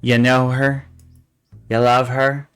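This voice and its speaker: A man's voice: medium pitch, flat delivery, slow pace, clear, resonant tone, faint music behind. A man hosting a casual livestream chat show, rambling with fillers and restarts and cooing with delight over pictures. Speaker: talk show host.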